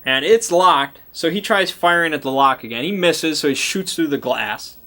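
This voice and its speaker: A man's voice: a little high, expressive, moderate pace, bright, forceful tone. A young man as game master, casually recapping a tabletop game session in a rambling way, full of "like" and restarts. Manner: rambling, lots of "like" and restarts, chuckling.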